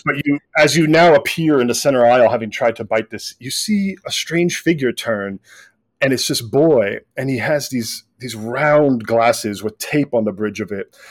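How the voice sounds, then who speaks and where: Relaxed man running a tabletop game. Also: medium pitch. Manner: relaxed, hesitant with fillers. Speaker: game master.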